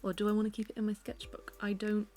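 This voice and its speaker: A woman's voice: medium pitch, completely flat delivery, fast talker, mellow. A young British woman chatting casually at home while she sketches, rambling and self-deprecating. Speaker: art vlogger. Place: her living room at home.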